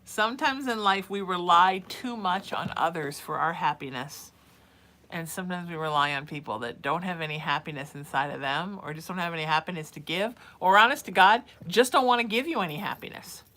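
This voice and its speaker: A woman's voice: on the low side, a little fast, pushed and bright. Chatty psychic woman on a live stream. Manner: chatty, calls viewers sweetie and sweetheart; reads viewer messages aloud then answers. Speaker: psychic giving live readings. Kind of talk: casual live-stream advice.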